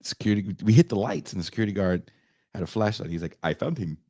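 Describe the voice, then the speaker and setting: A man on a podcast telling a story casually, animated and profane, often leaping up in pitch for emphasis. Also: fast, no room sound, clean studio sound. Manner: animated, profane, jumps into high voices for emphasis.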